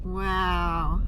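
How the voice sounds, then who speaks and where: A woman vlogger exclaiming and talking to herself while driving a truck camper down a bumpy gravel road. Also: lowish voice, fairly bright tone, a little hiss or hum. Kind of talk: casual self-filmed commentary.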